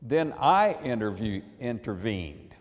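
Slow-spoken preacher in a reverberant hall. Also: male voice, on the low side, big pitch swings. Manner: wry, storytelling. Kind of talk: sermon with personal anecdote.

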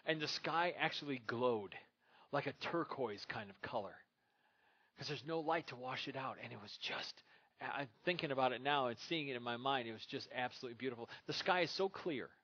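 A pastor from Minnesota preaching a sermon, moving from relaxed storytelling into emphatic scripture reading. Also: male voice, mid-range voice, fairly quick, dull audio.

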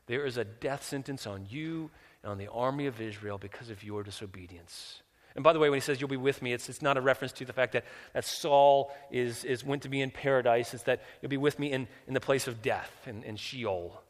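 A man preaching a sermon. He drops low and quiet, then climbs loud and high for emphasis, often repeating words as he restarts. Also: fairly quick. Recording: long reverb, large hall.

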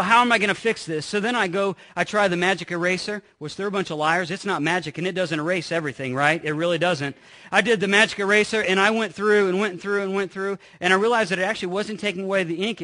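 A man's voice: high voice, sharp tone. A middle-aged pastor preaching a sermon in a church, talking with his congregation through anecdotes and rhetorical questions. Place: church sanctuary.

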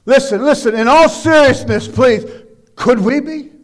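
A man preaching a sermon, loud and emphatic, shouting exhortations and dropping into quiet asides. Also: very high-pitched, unhurried. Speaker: pastor.

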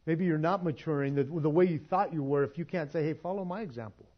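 A man's voice: a little high, quick pace, dull audio. A man preaching a sermon in a church, casual and conversational, often restarting words and laughing. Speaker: pastor.

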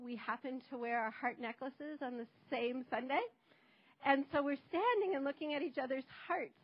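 A woman giving a short, earnest, reflective church testimony. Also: fairly high pitch. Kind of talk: spoken testimony. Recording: dull lo-fi recording.

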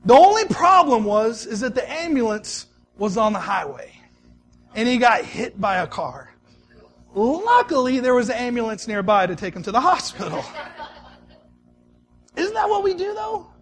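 A male pastor delivering a sermon in a conversational, storytelling way, swinging between soft, quiet stretches and emphatic ones. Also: very high voice, big pitch swings, moderate pace.

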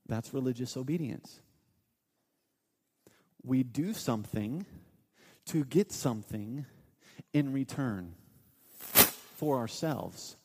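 A man in his thirties preaching a sermon as a pastor, earnest and quick to act out the voices of people in his stories. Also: mid-range voice, lively intonation, a little mellow, husky. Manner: earnest, acts out quoted voices in his storytelling. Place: church sanctuary. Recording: long hall reverb.

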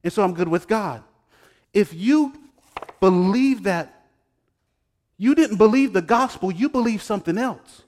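A pastor preaching a sermon who teases his congregation and swings between hushed asides and loud exclamations. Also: sits high, animated, unhurried, long pauses. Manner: talks straight to the congregation, joking and teasing. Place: church sanctuary. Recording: long hall reverb.

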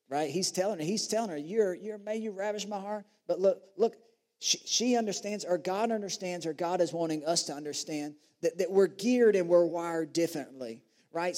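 An animated preacher, his voice sitting high for a man. He reads scripture aloud, then breaks off to joke with the congregation. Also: long reverb tail. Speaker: pastor. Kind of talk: sermon.

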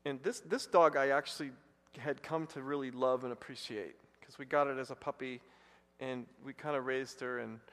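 A male pastor preaching a sermon, telling a personal story and rising to loud, excited bursts. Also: medium pitch, moderate pace. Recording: long hall reverb.

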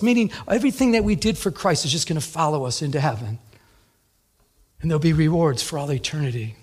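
Husky conversational male pastor. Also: a little high. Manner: conversational storytelling preacher, repeats words, quick bursts. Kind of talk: sermon.

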